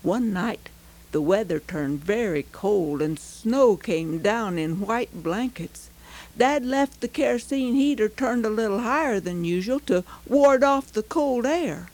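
A woman reading a heartfelt story aloud, slow and expressive. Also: sits high, poor audio. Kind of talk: scripted story narration.

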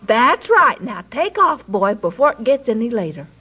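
Woman reading as a gentle fatherly cop in a storybook, slow drawl, high lively voice. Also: breathy edge, exaggerated voice, rough recording. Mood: kindly. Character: kind tall male policeman, fatherly.

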